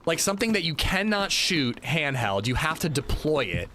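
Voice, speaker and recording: This man's voice is fairly high, sing-song, pushed and bright, moving at a normal speed. He's streaming a game and chatting in a loose, rambling way full of fillers, with noisy hiss in the background of the recording.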